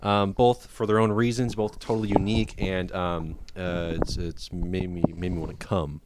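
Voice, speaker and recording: A man hosting a casual film-review chat, laid-back and hesitant, filling pauses with ums and uhs. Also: deep voice, flat delivery, noisy background. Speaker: podcast host.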